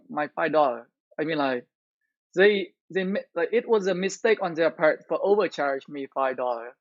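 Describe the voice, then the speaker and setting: A man's voice: high voice, no room sound. A man streaming live and chatting casually, ranting in an aggrieved way and restarting his sentences often. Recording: dull lo-fi audio.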